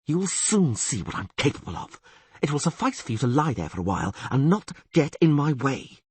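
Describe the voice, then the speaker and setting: A proud, fierce sorceress, voiced by a man reading an audiobook, speaks in a clipped, cutting hiss. Her voice sits higher than the narrator's own, with a husky grain. The audiobook recording is dry and close. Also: very animated, normal speed, a little mellow, no room sound. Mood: coldly threatening. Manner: hissing, clipped and cold. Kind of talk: audiobook character voice.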